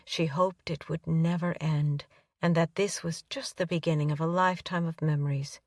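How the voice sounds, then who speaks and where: A woman narrating a romance audiobook in an even, unhurried storytelling manner. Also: low-pitched, dry recording, clean studio sound, recorded from a distance.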